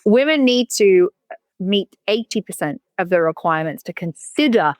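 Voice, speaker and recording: A woman's voice: medium pitch, lively intonation, normal speed, no echo, studio quality. A woman, a company founder, chatting as a podcast guest in a blunt, emphatic way and swearing casually. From United Kingdom. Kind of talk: casual interview chat.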